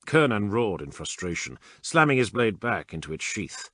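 A man narrating a dark fantasy audiobook in a steady, dramatic storytelling manner. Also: fairly low pitch, moderate pace, few pauses, no echo, studio quality. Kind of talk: scripted narration.

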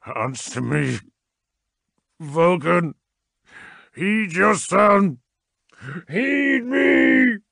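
Brief: male reader doing an anguished war-priest for a storybook read, low and dry, lurching between murmurs and bellows. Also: big pitch swings, slow pace, gravelly, dry recording, heavily acted. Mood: roaring. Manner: swings from hushed pleading to roaring. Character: grieving fallen male warrior-chaplain, tormented.

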